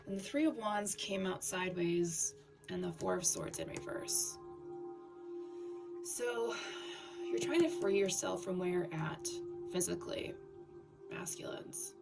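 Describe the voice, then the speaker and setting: Woman reading tarot, scratchy gravelly voice, lowish pitch, distant from the mic, music behind. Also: sing-song. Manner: halting, with fillers and restarts. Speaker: tarot reader.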